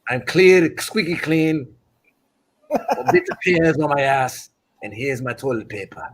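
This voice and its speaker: A man's voice: on the high side, animated, unhurried, breathy edge, exaggerated voice. A man putting on a brash Irish boxer. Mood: taunting. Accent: put-on Irish. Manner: loud, taunting, crude banter. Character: cocky Irish male boxer, brash and mocking. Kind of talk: casual podcast banter.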